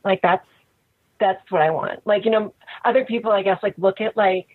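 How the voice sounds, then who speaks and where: Husky woman on a tinny phone line. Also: mid-range voice, normal speed, no room sound. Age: 30s. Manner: frank, relaxed, many "like" fillers. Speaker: interview guest. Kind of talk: casual interview talk.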